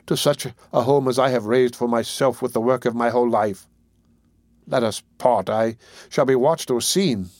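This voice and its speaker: A man's voice: medium pitch, moderate pace, a little mellow, no room sound, clean studio sound, close to an everyday voice. A man voicing a fearful young street woman in an audiobook reading, who talks in an agitated, hasty way with broken restarts. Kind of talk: audiobook character voice.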